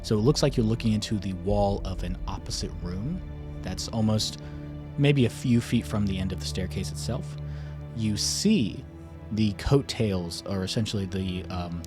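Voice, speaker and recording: Young male game master, lower register, loose rambling narration over soft music. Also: normal speed. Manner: rambling, many fillers and restarts. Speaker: dungeon master. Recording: faint music behind.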